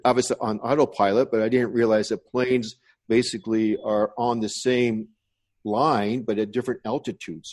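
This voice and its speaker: A man in his sixties from the United States speaks with a lowish voice. He talks in a relaxed, rambling way as a podcast guest, wandering from one memory to the next. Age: 60s. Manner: rambling reminiscing storyteller. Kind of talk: casual interview.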